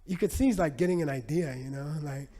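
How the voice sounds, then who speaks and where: A Buddhist teacher tells a lively story to his audience, with many relaxed asides as he goes. His man's voice sits slightly high but sounds warm and mellow. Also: fast talker. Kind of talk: storytelling talk.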